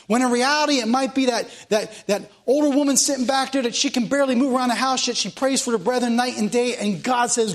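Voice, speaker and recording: A high-voiced man preaches a fervent sermon. He hammers phrases again and again, swinging from loud declarations to hushed ones. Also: fast, few pauses.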